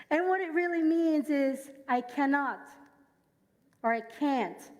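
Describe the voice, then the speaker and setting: A Jamaican woman with a Jamaican accent preaches at a church service, telling personal stories and getting the congregation to repeat lines after her. Her high voice is darkish in tone and slow, with a long reverb tail.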